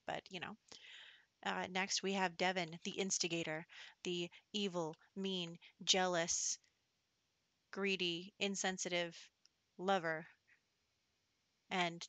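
A woman's voice: mid-range voice, bright, forceful tone, no echo. A woman giving casual, chatty commentary over her gameplay, giggling often and slipping into whispered asides.

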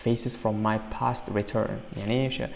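A man teaching English through a song, reading lyric lines slowly and then explaining them quickly. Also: on the low side, flat delivery, creaky, darkish tone, a little hiss or hum. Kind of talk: song lyric translation lesson. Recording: long hall reverb.

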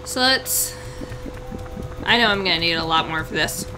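A woman hosting a let's play, chatting through the game and breaking into excited squeals and exclamations. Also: on the low side, normal speed, music in the background, low-quality recording. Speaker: gaming channel host.

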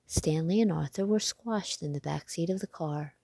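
A woman reading a children's book aloud, deliberate and clear for young listeners. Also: low voice, mellow, dry recording, clean studio sound. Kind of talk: read-aloud storybook narration.

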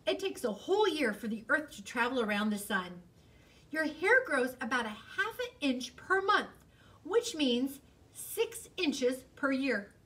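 Woman doing a storybook read-aloud, bright high voice, bit far from the mic. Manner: expressive, sing-song, teacherly. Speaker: author reading her picture book.

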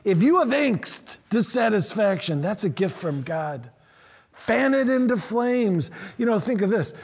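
Husky high-voiced man preaching a sermon. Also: measured pace. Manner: animated preaching, acting out quotes. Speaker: pastor.

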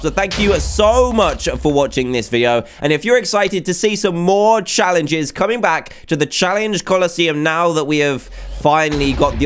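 A man hosting a video game let's play, excitable and chatty, exclaiming often. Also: a little high, a little hiss or hum. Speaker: gaming video host.

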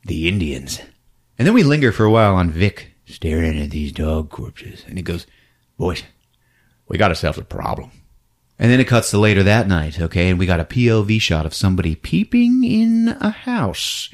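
A man hosting a comedy podcast, recapping a film with lots of laughter and quick character impressions. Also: low voice. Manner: animated, laughs often, acts out characters.

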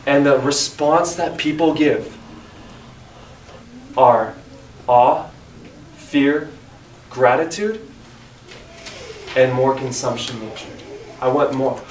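A man's voice: medium pitch, lively intonation, slow pace, pauses often, far from the mic. A man teaching a church Bible study in an earnest, emphatic way, reading scripture aloud. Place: church room. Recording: echoey room, mic from afar, faint hiss.

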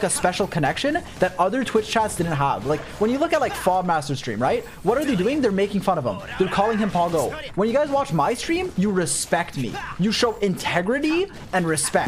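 A man's voice: sits high, big pitch swings, moderate pace, soft background music. A young man streaming games, chatting casually with his viewers, swearing a lot and reading chat aloud.

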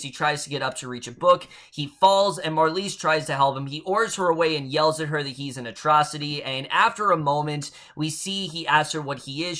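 A young man talks through a TV episode in a loose, opinionated recap. He throws in sarcastic asides. His voice sits a little high and sounds bright. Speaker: TV episode reviewer. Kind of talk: casual recap and review.

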